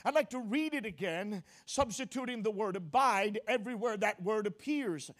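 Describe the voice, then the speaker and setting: A man preaching an expository sermon, filling pauses with "uh", correcting himself, and driving points home with repeated phrases. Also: high-pitched, animated. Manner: frequent "uh" fillers and self-corrections; emphatic repetition, rising to forceful declarations.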